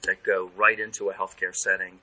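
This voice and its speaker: Brief: male guest consultant, casual podcast talk, bright forward voice, animated quoted asides. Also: low voice, brisk, rough recording. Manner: lively, acts out phone calls in quoted voices.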